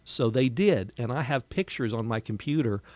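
A man's voice: mid-range voice, lively intonation, moderate pace, a little mellow, no echo. A man from America, a missionary guest telling testimony stories in a radio studio, earnest and quoting dialogue plainly. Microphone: studio microphone.

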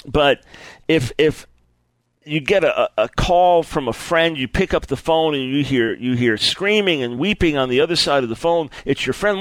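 A man preaching a sermon in an earnest, lively way, often repeating words and stumbling as he builds his point. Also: on the high side, normal speed, no room sound.

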